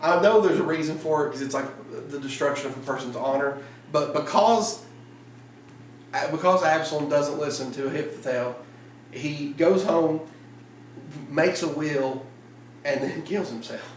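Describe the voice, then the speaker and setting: A man's voice: a little high, moderate pace, slight background noise. Male preacher, casual storytelling sermon; slightly raised voice, picked up from a distance in a reverberant sanctuary. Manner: lively storytelling, laughs at the story, acts out lines. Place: church sanctuary. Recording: roomy church sound from a distant mic.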